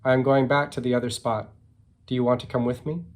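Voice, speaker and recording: A man's voice: medium pitch, level tone, quick pace, lightly acted. A man voicing an uneasy male mole with a bad feeling, read in an earnest, plain storybook way.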